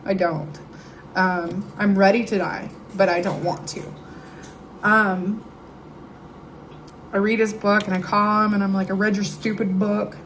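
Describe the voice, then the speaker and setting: A woman's voice: medium pitch, flat delivery, measured pace, pauses often, a bit bright, slight background noise, poor audio. A middle-aged woman, speaking candidly and emotionally as she shares her testimony at a recovery meeting. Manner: candid, conversational, emotional storytelling. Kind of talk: personal testimony to a live audience. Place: meeting room with audience.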